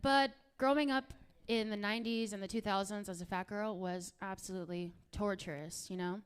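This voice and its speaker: A woman in her thirties from Miami doing a stand-up comedy set, with a crude, animated, swearing storytelling manner. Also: mid-range voice, normal speed, clean tone.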